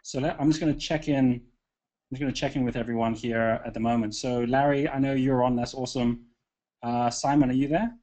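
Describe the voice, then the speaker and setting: A man hosting a live online call, upbeat and chatty, often pausing with fillers and restarting sentences. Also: medium pitch, fairly even intonation, warm tone. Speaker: webinar host.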